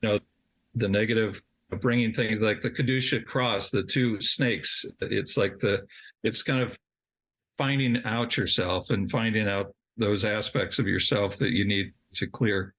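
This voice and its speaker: A man's voice: lowish voice, steady tone, a little slow, a bit bright. Middle aged guy on a podcast, rambly storyteller, keeps restarting, laughs at himself. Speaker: podcast guest. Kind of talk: storytelling in an interview.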